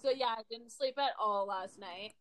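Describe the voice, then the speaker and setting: A woman's voice: on the high side, normal speed, crowd noise. A young woman co-hosting a podcast, telling stories in casual chat and swearing often. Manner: animated storytelling, swearing. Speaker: podcast co-host.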